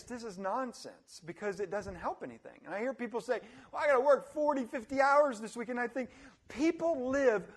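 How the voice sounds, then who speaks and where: A young adult man giving a motivational talk, animated, acting out complainers in high voices. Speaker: motivational speaker.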